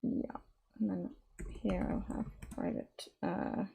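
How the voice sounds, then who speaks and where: Woman streamer coding at her desk, kinda raspy and creaky, thinks out loud, lots of ums and restarts. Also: on the low side, wildly swooping pitch. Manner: thinks aloud, halting with fillers and restarts. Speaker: game developer streaming. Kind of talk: casual live-stream talk while coding. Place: home desk.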